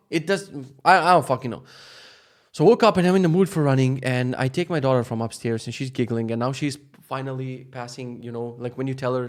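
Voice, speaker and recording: A man in his thirties hosting his own podcast in a casual solo monologue, animated and profane, swinging between loud rants and quiet asides. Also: mid-range voice, fast talker. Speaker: podcast host.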